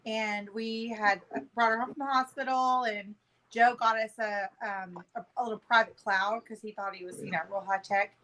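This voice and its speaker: A woman in her thirties, a podcast guest telling a story in casual chat with a profane, animated manner. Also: a little high, normal speed, rough recording.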